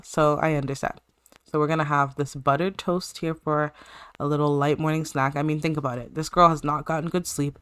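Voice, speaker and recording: A woman's voice: low voice, steady tone, normal speed, fairly bright tone, smooth, no echo. Woman doing let's-play commentary, chatty, keeps talking to her sims like they're real. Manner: chatty, talks to her game characters. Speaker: gaming channel host.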